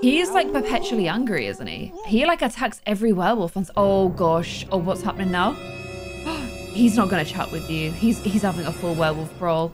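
Young woman, gaming host, lively pitch, faint music under her voice. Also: fairly quick. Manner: excitable, gasping, chatty. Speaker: gaming YouTuber. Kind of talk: casual let's-play commentary.

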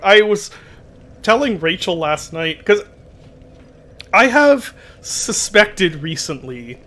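A man streaming a game, with an unusual, odd-sounding voice that sits a little high and rings bright. He rambles in a self-deprecating way and breaks off to exclaim at his in-game mishaps. Light background noise sits behind him. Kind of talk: casual chat while playing a game.

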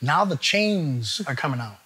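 A man telling a long story as a guest, animated and profane in a casual chat. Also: on the high side, a little slow, crowd noise.

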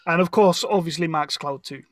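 A man's voice: fairly high pitch, brisk, dry recording, studio quality. A man hosting a podcast interview over a video call, enthusiastic and jokey, laughing often. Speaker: podcast host. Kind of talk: casual interview chat.

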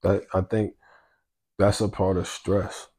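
Deep, mellow-voiced easygoing man. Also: level tone, slow. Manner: easygoing, offers encouragement, trails off. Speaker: husband and co-host. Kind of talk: casual chat.

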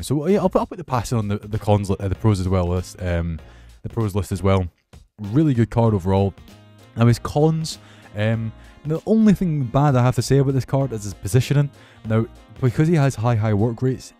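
A young man commentating his football video game with excitable, sweary banter. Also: on the low side. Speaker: gaming YouTuber. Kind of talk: casual gameplay commentary.

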